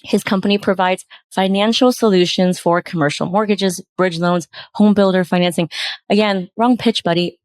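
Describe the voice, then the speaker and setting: A woman podcast host reading out bad pitches and critiquing them with exasperated, sarcastic commentary. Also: steady tone, moderate pace, a little mellow, no echo.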